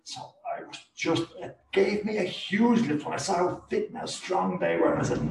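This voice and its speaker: A man's voice: on the high side, huge pitch swings, normal speed, vocal fry, hardly any pauses, a little mellow, roomy sound, recorded from a distance, a little hiss or hum, low-quality recording. An older Irish man giving an interview, telling his story in an earnest, emotional way and repeating phrases for emphasis. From Ireland. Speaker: guest.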